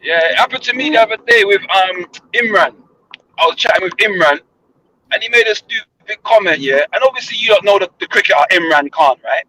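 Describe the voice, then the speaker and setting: A man telling a story on a live stream, full of fast, slangy chat. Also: high-pitched, animated, bright, forceful tone, slight background noise, rough recording. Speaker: stream guest. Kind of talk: casual chat.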